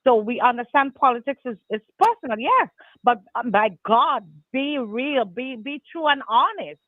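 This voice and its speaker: A woman's voice: on the high side, very animated, normal speed, no echo. Lady calling in all heated, stumbles on words, phone line sound. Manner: indignant, stammering. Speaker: caller. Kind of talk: angry phone-in call. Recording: dry tinny phone line.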